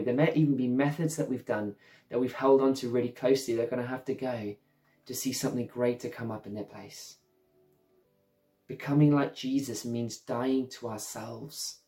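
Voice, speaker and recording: A man's voice: mid-range voice, dark tone. A middle-aged man preaching an earnest, conversational sermon as a pastor, often saying "you know".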